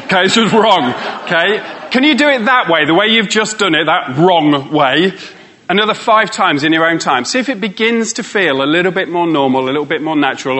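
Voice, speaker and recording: A man's voice: on the high side, bright, forceful tone. A man, a motivational speaker giving a live workshop talk and playfully teasing and coaxing his audience.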